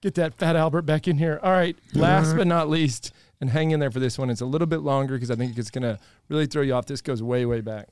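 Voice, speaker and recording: A man's voice: a little high, fairly even intonation, a little mellow, slight background noise. A man hosting a podcast in casual chat, joking and teasing his guests. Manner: joking, teasing, quick to laugh. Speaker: podcast host.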